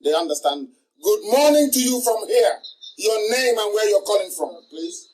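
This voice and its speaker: A man's voice: high-pitched, expressive, moderate pace, a crowd in the background, poor audio. A man from Nigeria hosting a live radio call-in, courteous, repeating his phrases and urging callers to go ahead. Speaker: leader answering callers on air.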